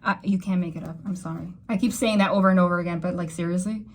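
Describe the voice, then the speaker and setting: Rambling, excitable tarot reader woman. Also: fast talker, slight background noise. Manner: emotional, rambling, excitable with sudden jumps in pitch. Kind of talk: casual tarot reading to camera.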